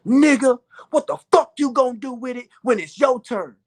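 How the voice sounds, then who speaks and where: A man's voice: extremely high pitch, normal speed, pitched above the performer's own voice. A man voicing an older male activist who speaks bluntly and profanely, pressing a challenge in a raised voice. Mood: challenging.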